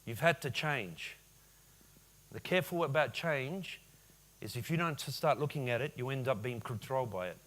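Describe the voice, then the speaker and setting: A man in his forties giving a lively business keynote at a conference, often firing questions at the audience. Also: medium pitch, normal speed. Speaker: conference speaker. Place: conference hall.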